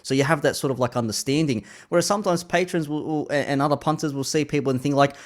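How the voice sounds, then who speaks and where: A man's voice: fairly high pitch, quick pace, hardly any pauses. Laid-back man chatting. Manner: laid-back, swears freely, laughs often. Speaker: podcast host and DJ. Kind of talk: casual chat.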